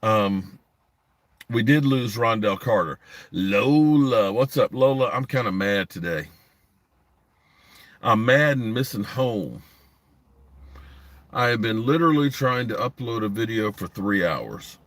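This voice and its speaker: Low-voiced man ranting on a live stream. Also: lively intonation, slow, long pauses, fairly bright tone, no room sound. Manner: blunt, rambling, frustrated, talks to live chat. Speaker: sports podcast host. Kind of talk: casual live-stream commentary. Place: parked in a driveway.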